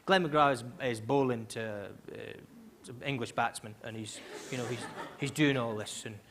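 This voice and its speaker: A man's voice: medium pitch, moderate pace, fairly bright tone, a little hiss or hum. A man doing stand-up comedy on a large theatre stage, telling a story animatedly and laughing along. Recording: live theatre with audience laughter.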